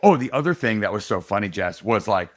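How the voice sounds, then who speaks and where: A middle-aged man, a political candidate, telling a story in a casual podcast interview, animated and laughing often. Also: fairly low pitch, fairly quick.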